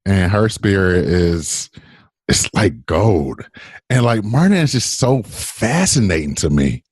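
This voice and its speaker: A man, a guest on a live video chat, talking casually in slangy, expressive speech and acting out quoted lines. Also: sits low, slow, husky, dry recording, studio quality. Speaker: guest runner.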